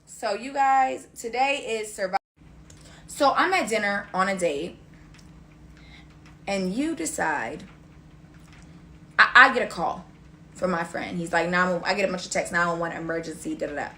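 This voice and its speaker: A young woman with a bright, sharp voice tells a casual storytime rant. She is blunt and swears freely, and she slips into quoted back-and-forth dialogue as she speaks. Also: medium pitch, normal speed, pauses often.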